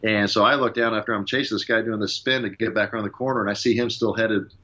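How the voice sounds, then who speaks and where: Man, lower voice, rapid and bright, ex-pilot telling a war story, lo-fi sound. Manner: fast, animated retelling with acted-out radio calls. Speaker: former fighter pilot. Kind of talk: casual storytelling in an interview.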